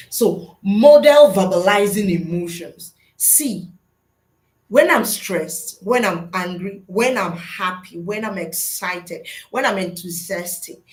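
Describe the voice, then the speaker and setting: A woman's voice: medium pitch, echoey room, poor audio. A middle-aged woman, a school psychologist, giving a webinar lesson to teachers in an earnest, teacherly way and answering her own rhetorical questions.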